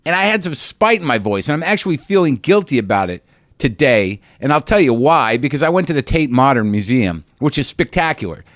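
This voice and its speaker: A middle-aged man with a mid-range voice hosts a podcast, recorded in clean studio sound without echo. He delivers a rambling monologue of stories that is candid, profane, and self-mocking.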